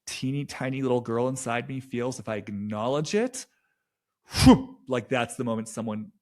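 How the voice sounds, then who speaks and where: A man of ordinary pitch talks through an intuitive reading. He goes slowly and hesitantly, often restarting his sentences, with soft laughs along the way. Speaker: intuitive reader. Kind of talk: spoken intuitive reading monologue.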